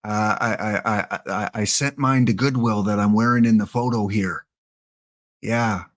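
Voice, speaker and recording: A man's voice: lowish voice, steady tone, measured pace. A middle-aged Canadian man hosting a livestream with casual, joking chat, answering his viewers. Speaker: livestream host.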